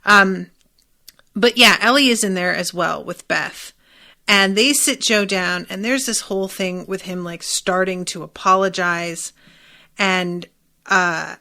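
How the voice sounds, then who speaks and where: A woman's voice: mid-range voice, measured pace, gravelly, pushed and bright. A woman hosting a podcast, giving a candid, emphatic, casual recap of a TV episode with lots of fillers. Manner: candid and emphatic, with frequent fillers and some swearing. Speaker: podcast host.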